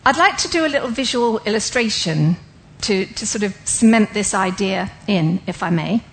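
A woman's voice: mid-range voice, lively intonation, moderate pace, rough recording. A woman giving an interactive sermon, asking listeners questions and explaining ideas step by step. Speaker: Bible teacher.

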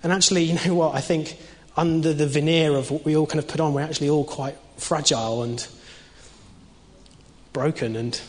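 A man's voice: a little high, steady tone, a little fast. A young man preaching an informal sermon in a conversational way, with many fillers and restarts. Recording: long reverb of a hall.

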